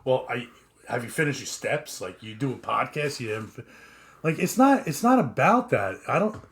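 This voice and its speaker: A man with a Long Island accent and a mid-pitched, everyday voice. He talks in a halting way, restarting his sentences and swearing bluntly, as a podcast co-host in a casual chat. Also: sing-song, a bit bright, a little hiss or hum.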